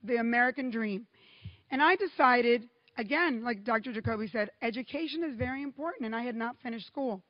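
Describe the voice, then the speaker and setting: A middle-aged woman from Cuba giving a keynote speech to a conference audience, telling stories with lively, emphatic pauses. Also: a little high, muffled recording. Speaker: keynote speaker. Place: large hall. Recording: long hall reverb.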